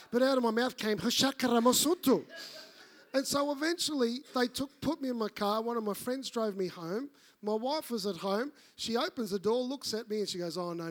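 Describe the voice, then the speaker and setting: Male pastor, high voice, storytelling sermon delivery. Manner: animated, acts out voices in his stories.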